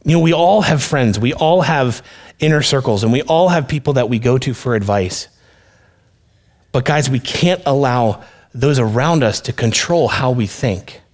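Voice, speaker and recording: A man's voice: mid-range voice, lively intonation, normal speed, a little mellow. A male pastor preaching a sermon in an earnest, conversational way, speaking directly to his listeners.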